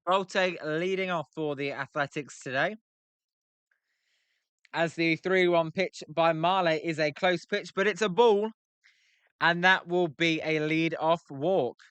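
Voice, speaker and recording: A young British man with a slightly high, fairly bright, clear and resonant voice speaks slowly, with no room sound. He's a livestream host reacting to a baseball game, bantering with his chat and joking about pronunciations.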